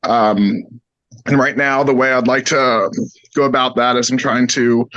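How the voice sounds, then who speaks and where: A man presenting at a virtual council meeting, hoarse and coughing, with a hesitant delivery full of pauses. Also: mid-range voice, fairly even intonation, fairly bright tone, dry recording, dull audio. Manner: hesitant, many ums.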